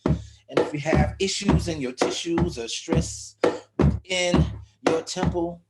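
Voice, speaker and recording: Man leading a slow rhythmic warm-up. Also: on the high side, over loud music. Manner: rhythmic counting and chanting, switching between English and Spanish. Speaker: workshop facilitator. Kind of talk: guided warm-up and call-and-response on a video call. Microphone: video call.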